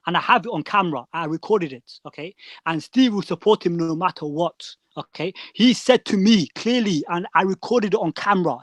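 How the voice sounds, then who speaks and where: A man's voice: sits high, brisk, fairly bright tone, dry recording. Insistent man making an accusation. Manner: insistent, tags lines with "yeah" and "okay". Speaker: debate guest. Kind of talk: heated live-stream debate.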